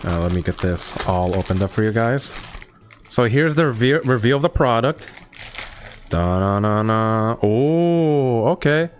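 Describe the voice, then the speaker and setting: A man's voice: mid-range voice, expressive, a little slow, slight background noise. A young man streaming, chatting casually to his viewers while reviewing snacks at a table at home, rambling and playful.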